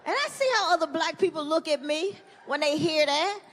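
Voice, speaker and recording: A middle-aged woman performing a profane stand-up comedy set, animated and shifting into high acted-out voices. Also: a little fast. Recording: live hall reverb, faint room noise.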